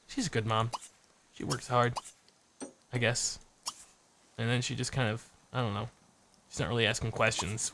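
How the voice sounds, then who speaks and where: A man hosting a let's play video, excitable and joking, swearing freely and jumping between muttering and yelping. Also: medium pitch, slight background noise. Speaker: gaming channel host. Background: game music.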